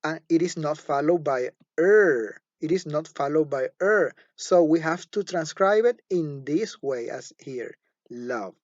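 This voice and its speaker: Slow and deliberate, this man teaches phonology on a recording, going over every example word several times. He speaks a little higher than the typical male voice, with a darkish tone. The sound is lo-fi and dull, close-miked and dry, without any room echo.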